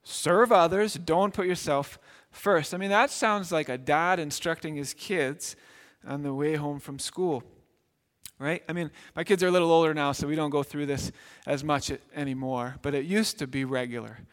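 A middle-aged male pastor gives a conversational sermon in a high voice. He acts out small scenes as he goes. His voice rings out with a long hall reverb. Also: normal speed. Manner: conversational preaching with acted asides.

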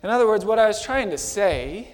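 A man with a high, ringing voice delivers an impassioned first-person sermon, dropping to a hush and then rising to a shout. His voice trails off into the long reverb of a big hall. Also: expressive, fairly quick. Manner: impassioned storyteller, swings from hushed to shouting. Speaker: preacher.

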